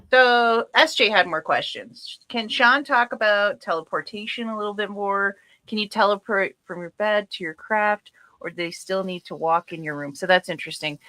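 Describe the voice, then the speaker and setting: Female host, bright tone, dry close sound, breezy reading of viewer questions. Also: mid-range voice, no echo, poor audio.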